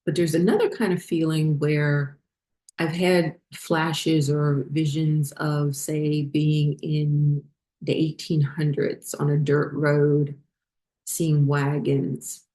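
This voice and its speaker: A woman hosting a spiritual vlog, talking unhurriedly with many fillers as she glances at her notes, her voice getting hoarse. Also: sits low, flat delivery, slow pace, mellow. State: losing her voice. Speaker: spiritual channel host.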